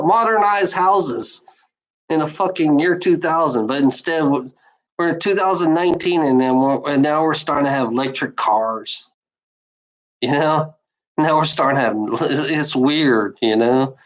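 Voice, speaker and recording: A woman's voice: low-pitched, poor audio. Rambling, cursing woman, exasperated. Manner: rambling and repetitive, many "you know"s; profane and exasperated. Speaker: speaker sharing opinions. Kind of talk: casual rambling monologue.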